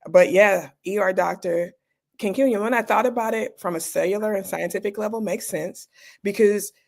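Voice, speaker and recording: Fifty-something woman doc on an interview, frank and dry, bit of gravel in the voice. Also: mid-range voice, normal speed. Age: 50s. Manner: frank, conversational, with dry humor. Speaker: guest, emergency doctor and speaker. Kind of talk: candid interview storytelling.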